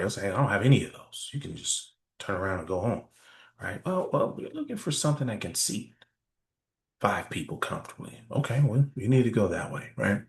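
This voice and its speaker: A man with a fairly low voice teaches sales technique in an echoey room. He talks with energy, acting out short exchanges with customers and often checking in with "right?" between points. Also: fairly quick. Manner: energetic, role-plays customer dialogue with frequent "right?" check-ins. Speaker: sales trainer. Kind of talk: sales training talk.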